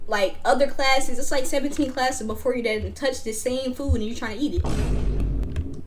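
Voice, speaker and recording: A young woman, casually telling a school story to her stream chat in an animated, slangy way. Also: sits high. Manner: animated, slangy, acts out classmates.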